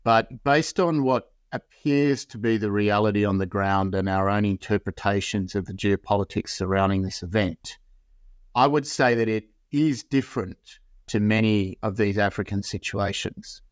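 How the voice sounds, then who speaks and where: A low-pitched man speaks as an interview guest, setting out his points in long, qualified sentences. His voice is recorded close and dry, with no room sound around it. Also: smooth, no room sound. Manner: measured, builds points in long qualified clauses. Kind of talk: measured geopolitical analysis.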